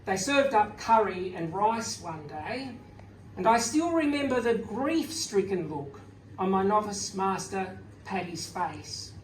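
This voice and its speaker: An Australian-raised man, an author, giving a wry, gently humorous speech full of anecdotes at a book launch. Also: sits high, animated, slow. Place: event venue, indoors. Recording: echoey room from far off, faint noise.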